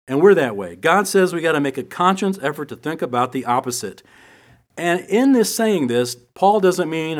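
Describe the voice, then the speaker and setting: A middle-aged man delivers a Bible teaching in an easy, conversational manner. He mixes scripture with personal anecdotes and light humor, his voice sitting in an ordinary middle range. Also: medium pitch. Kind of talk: sermon with personal stories.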